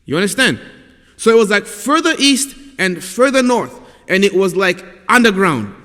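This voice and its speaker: Man, high voice, halting and repetitive, earnest vision storytelling, long echoing reverb. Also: sing-song, pushed and bright. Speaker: self-styled prophet. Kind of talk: recounting a prophetic vision.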